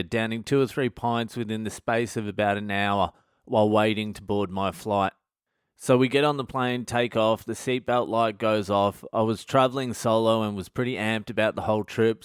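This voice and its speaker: A man with an Australian accent, a comedian hosting a podcast, telling a crude, animated, swear-filled story. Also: on the low side, smooth, no echo, clean studio sound.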